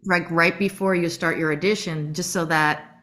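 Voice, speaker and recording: A middle-aged woman from Canada, a voice actress telling stories in a casual interview, lively and quick to giggle. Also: lowish voice. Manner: lively, acts out quoted voices, giggles often. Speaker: guest voice actress.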